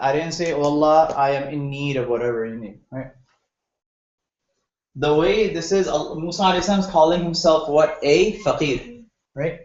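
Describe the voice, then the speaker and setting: Male teacher, high voice, conversational classroom explainer; dull, lo-fi sound in a reverberant room. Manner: conversational, poses questions to the class. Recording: roomy, dull lo-fi classroom recording.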